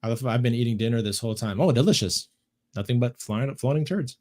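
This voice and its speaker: A man hosting a casual podcast, telling stories in an animated way with lots of swearing and repetition. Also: medium pitch, fast. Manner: animated storytelling, swearing, repeats himself. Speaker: podcast host. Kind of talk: casual chat.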